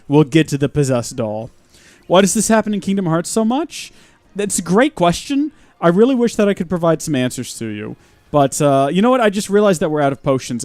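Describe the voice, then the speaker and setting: A young man streaming a video game live, chatting and joking with his audience as he plays, with sudden bursts of mock shouting. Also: on the high side, no echo. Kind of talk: live gameplay commentary.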